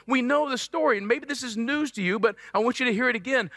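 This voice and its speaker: A high, bright male voice delivers a sermon in an animated, playful way, with sudden loud stresses on key words. The sound is close and dry, but a long reverb trails behind it. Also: fast, few pauses. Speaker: pastor.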